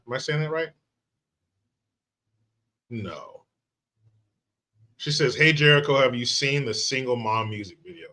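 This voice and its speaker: A man hosting a casual livestream, reading out viewer comments and greeting people by name in an animated, profane way. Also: medium pitch, unhurried, long pauses. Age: adult father of young children. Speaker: livestream host.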